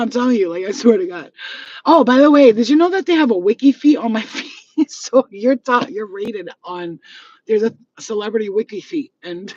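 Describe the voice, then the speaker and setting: A woman hosting her channel, telling stories to viewers in a profane, laughing, animated way. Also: a little high, breathy edge, dull audio. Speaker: channel host. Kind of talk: casual storytelling to viewers.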